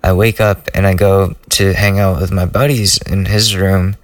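A man's voice: low voice, fairly even intonation, moderate pace, no echo, distant mic. A young man hosting a solo podcast, rambling loosely through a profane personal story in a casual way. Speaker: podcast host.

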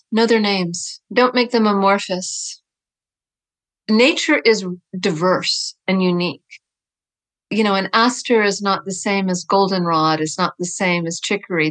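A middle-aged woman, a writer and teacher, chatting as a guest in an interview, telling lively stories and laughing often. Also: medium pitch. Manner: animated storyteller, laughs often, loose and chatty. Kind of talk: conversational interview.

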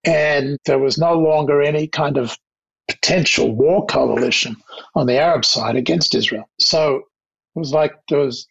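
Older Australian man, gravelly and husky, reflective interview guest, slightly dull recording. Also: a little high, fairly bright tone. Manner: anecdotal, measured, with restarts. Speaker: guest, diplomat.

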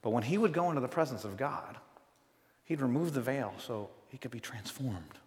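Conversational pastor preaching in a reverberant hall. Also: male voice, mid-range voice, expressive, moderate pace, a little hiss or hum. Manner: conversational, swings from loud emphasis to hushed. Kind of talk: sermon. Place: church sanctuary.

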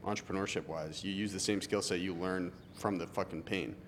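A man's voice: low-pitched, fairly even intonation, a little fast, slight background noise. A man hosting a podcast, blunt and teasing, swearing freely in casual chat. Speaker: podcast host.

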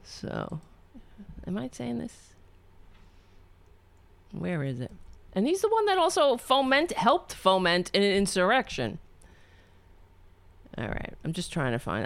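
A woman commenting on a video, sarcastic and swinging from loud rants to low muttering. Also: gravelly. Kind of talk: casual reaction commentary.

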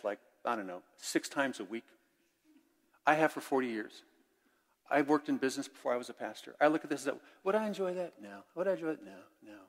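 Older male pastor, echoing church. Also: medium pitch. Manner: candid, conversational preaching with swings between loud and hushed. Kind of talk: sermon. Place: church sanctuary. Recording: long church reverb.

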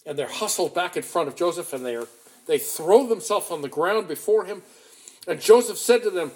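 Animated male preacher, slightly high voice. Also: normal speed. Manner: animated storytelling, emphatic restarts. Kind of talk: expository sermon retelling scripture.

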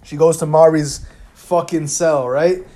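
A young man casually recapping TV episodes in an animated, slangy, profane storytelling manner. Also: fairly high pitch, a little slow. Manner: fills gaps with "da, da, da". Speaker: TV recap vlogger.

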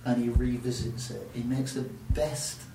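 A man on a comedy film panel, telling jokes in a deliberate way. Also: medium pitch, flat delivery, gravelly. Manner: deliberate, jokey storyteller. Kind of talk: casual comedy panel chat. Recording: distant echoey mic with noise.

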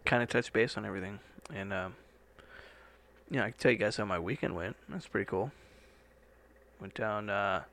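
A man's voice: lowish voice, normal speed, vocal fry, pauses often, a bit bright. A young man hosting a podcast from a studio, rambling casually and swearing now and then. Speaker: podcast host. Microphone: studio microphone.

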